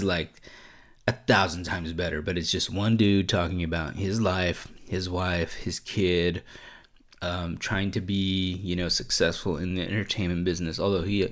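A man's voice: deep voice, a bit bright. A man hosting a casual solo podcast, rambling and swearing a lot, with plenty of "like" and "um". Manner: profane, rambling, lots of "like" and "um". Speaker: podcast host.

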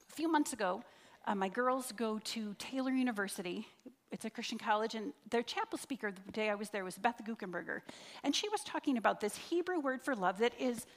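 A woman's voice: a little high, fairly bright tone. A middle-aged woman giving an earnest sermon in a church, stretching key words out for emphasis. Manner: earnest, drawn-out emphasis, leads the congregation in prayer. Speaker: church speaker. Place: church sanctuary. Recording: reverberant church hall.

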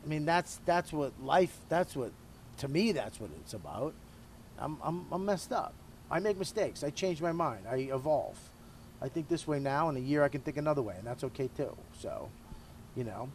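A middle-aged man, a comedian being interviewed, speaks candidly and crudely about himself between puffs on a cigar, often at his own expense. His voice is fairly high, animated and darkish in tone at a normal speed, with a little hiss or hum.

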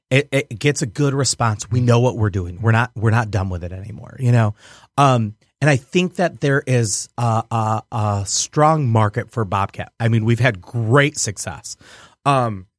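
A man's voice: medium pitch, no echo, studio quality. A man who owns a restaurant, chatting casually on a radio show, acting out voices and laughing often. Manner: animated storyteller, acts out voices, laughs often. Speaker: restaurant owner.

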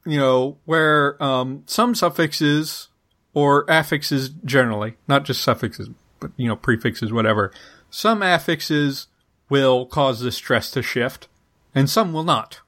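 A man's voice: medium pitch, slow, a bit bright. A man co-hosting a podcast, talking through a linguistics topic in a casual, hesitant way, with many fillers and restarts. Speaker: podcast co-host.

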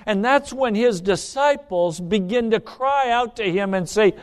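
A man preaching a sermon to a church congregation, swinging between loud pleading cries and hushed, low asides. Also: a little slow, few pauses, clear, resonant tone.

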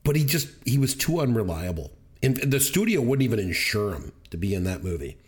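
Man, podcast co-host, casual chat, emphatic storytelling, mid pitch. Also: big pitch swings, brisk.

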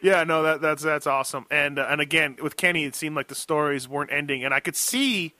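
A man's voice: a little high, brisk, crowd noise. A man co-hosting a casual show, chatty, laughing often and repeating his words as he talks. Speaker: podcast co-host. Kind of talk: casual chat.

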